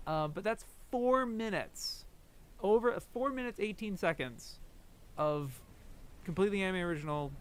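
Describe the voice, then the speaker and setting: A man's voice: on the high side, a little hiss or hum. A young man streaming casual commentary, rambling and laughing as he talks through scenes. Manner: rambling, laughs often, briefly mimics characters. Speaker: streamer comparing anime episodes.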